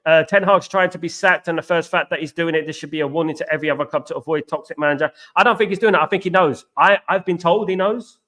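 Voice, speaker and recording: A man hosting a live football watchalong, chatting fast and repeating himself while greeting viewers by name. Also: on the high side, fairly bright tone. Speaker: watchalong host. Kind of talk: live stream chat.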